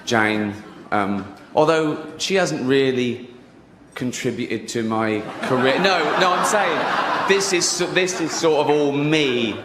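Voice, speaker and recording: A middle-aged male stand-up comedian speaks slowly at medium pitch in a large hall with crowd noise. His routine is sweary and mocking, packed with rhetorical asides.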